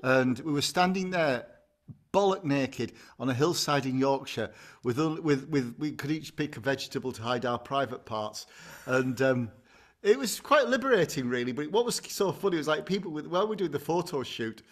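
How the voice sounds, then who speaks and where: A man's voice: on the high side, expressive, normal speed. A man co-hosting an advice podcast, telling rambling, bawdy stories in casual comic chat. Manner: rambling, bawdy storytelling with bursts of laughter. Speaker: podcast co-host, agony uncle.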